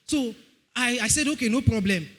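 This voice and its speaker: A young man with a Nigerian accent tells an animated testimony in church, acting out the voices of others. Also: very high-pitched, moderate pace, big-room sound. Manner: animated storytelling, acts out voices. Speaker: church member giving testimony.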